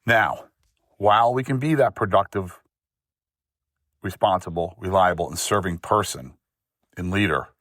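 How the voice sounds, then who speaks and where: Host, male, low-voiced and unhurried, punchy rhythmic delivery in a dry, close sound; faith-based motivational talk. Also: fairly bright tone, no room sound. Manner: emphatic, rhythmic lists of short phrases.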